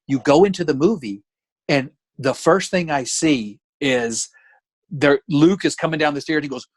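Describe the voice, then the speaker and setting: Guy in his 40s on a video call, bit husky, kinda high pitched, acts out all the voices. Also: moderate pace, no echo, rough recording. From Alabama, USA. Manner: animated storyteller who acts out voices. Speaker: podcast guest, comedian. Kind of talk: casual storytelling chat. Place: home room with closet door. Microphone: video call with camera and ring light.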